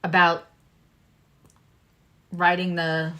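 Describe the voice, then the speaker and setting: A woman doing a live-stream tarot reading, talking to her viewers with lively exclamations and asides. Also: lowish voice, very slow, lo-fi sound, noisy background. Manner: animated, talks to viewers, exclamations. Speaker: tarot reader.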